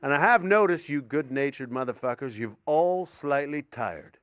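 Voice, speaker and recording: A middle-aged man performing a rambling stand-up set, excitable and sweary, with sudden yelps. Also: on the high side, normal speed, slight background noise. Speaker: stand-up comedian.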